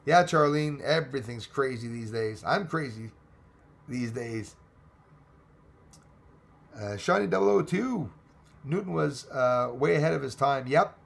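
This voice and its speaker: A man with a Texan accent hosting a live stream, reading viewer comments aloud and chatting in a rambling, excitable way. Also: mid-range voice, measured pace, vocal fry, long pauses. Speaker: livestream host reading chat. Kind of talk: casual live chat.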